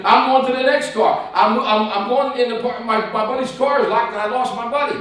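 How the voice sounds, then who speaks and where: Male evangelist, folksy animated storyteller, high voice, heard from a distance in a very echoey church. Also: brisk, few pauses. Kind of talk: sermon testimony storytelling. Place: church sanctuary.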